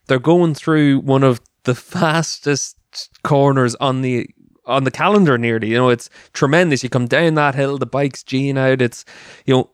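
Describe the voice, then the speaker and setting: A man's voice: medium pitch, smooth, no room sound. Man, dry close studio sound. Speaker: racing pundit. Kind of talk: studio discussion.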